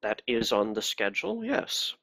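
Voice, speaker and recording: A man's voice: fairly low pitch, normal speed, no echo, pitched below the performer's own voice, heavily acted. A man doing a cold, polite inquisitor. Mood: coldly polite. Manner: calm, formal and menacing.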